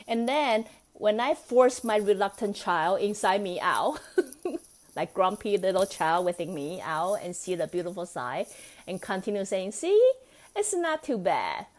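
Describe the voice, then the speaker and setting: A woman with a medium-pitched voice hosts a solo self-help podcast at a measured pace. She's chatty and coaxing, often asking "right?" and laughing between thoughts.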